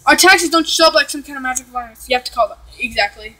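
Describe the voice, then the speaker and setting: A woman's voice: high voice, fast, bright, forceful tone, low-quality recording. A woman from Texas, chatting casually and ranting with lots of swearing and filler words while reacting to a video.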